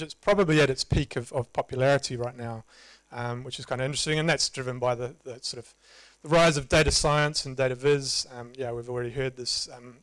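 A man with a New Zealand accent giving a relaxed, conversational conference talk with self-deprecating humor. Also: fairly high pitch, clean tone, no echo, rough recording. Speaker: conference presenter. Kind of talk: casual live tech talk. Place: meetup presentation room.

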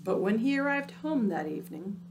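A woman reading a picture book aloud, dramatic and dropping into hushed, spooky tones. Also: mid-range voice, expressive, a little fast, vocal fry, a little hiss or hum. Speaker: storyteller.

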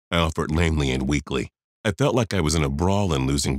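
Very deep-voiced man telling a story. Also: quick pace, dry recording, clean studio sound. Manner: confiding, talks straight to the listener. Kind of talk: first-person storytelling narration.

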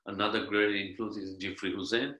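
A man from Sri Lanka speaks in a bright, forward voice. He chats casually and rambles, full of uhs and restarts. His voice rings in an echoey room. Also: fairly low pitch, flat delivery, a little fast. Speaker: guest musician. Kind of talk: casual interview chat.

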